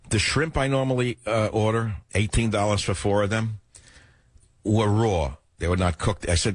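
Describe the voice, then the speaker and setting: An older man hosting a radio talk show, ranting sarcastically through an opinionated monologue with a husky voice. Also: on the low side, steady tone, normal speed, no room sound.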